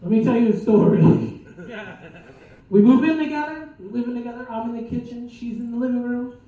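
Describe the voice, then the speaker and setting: A man's voice: extremely high pitch, steady tone, fairly quick, dull audio. A man doing a stand-up set, profane and rambling, laughing at his own lines. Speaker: stand-up comedian. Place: comedy club stage. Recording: echoey club from far off.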